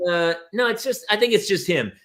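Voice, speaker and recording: A man's voice: high voice, lively intonation, fairly quick, a bit bright. A man who is a comic actor, joking through a casual chat with rambling restarts and frequent swearing. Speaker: actor and comedian guest.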